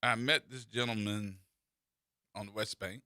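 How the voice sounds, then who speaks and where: A man's voice: lowish voice, fairly even intonation, measured pace, sharp tone, no room sound, studio quality. A man hosting a radio talk show, teasing and telling stories in a playful way.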